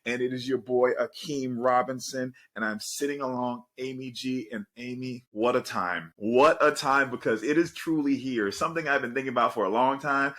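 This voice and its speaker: A man in his thirties from Miami co-hosting a podcast in casual, energetic chat and laughing often. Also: medium pitch, moderate pace, hardly any pauses. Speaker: podcast co-host.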